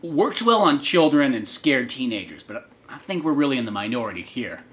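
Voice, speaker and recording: A young man co-hosting a podcast about his comic, chatting casually, often laughing and dropping to quiet murmurs. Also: mid-range voice, a little fast. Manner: lively, laughing, drops to murmurs for quoted asides. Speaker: podcast co-host, comic artist. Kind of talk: casual chat.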